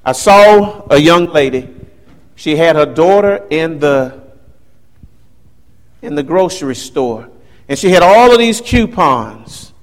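Animated man in his fifties telling a story. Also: a little high, slow, pauses often. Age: 50s. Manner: animated storyteller, acts out quoted voices. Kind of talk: personal storytelling.

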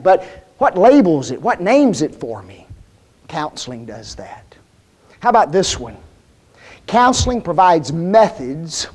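A man's voice: high voice, a little mellow. A man preaching a sermon in a folksy, plain-spoken way, often putting rhetorical questions to the congregation.

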